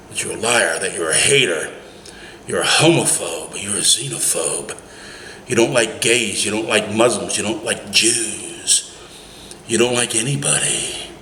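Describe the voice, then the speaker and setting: A man's voice: mid-range voice, a bit bright, slight background noise. A man who drives a cab, giving a heated, emphatic political rant full of rhetorical questions. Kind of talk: opinionated political rant vlog. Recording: echoey room, faint ambience.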